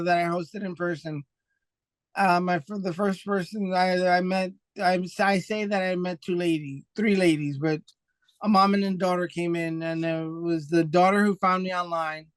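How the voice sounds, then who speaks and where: A man chatting as an interview guest, telling stories in an animated way, often restarting his sentences and acting out what others said. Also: sits high, clear, resonant tone, no room sound. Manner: animated storyteller, acts out quoted voices; quick and excitable, restarts often. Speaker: podcast guest, foundation founder. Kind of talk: casual interview chat.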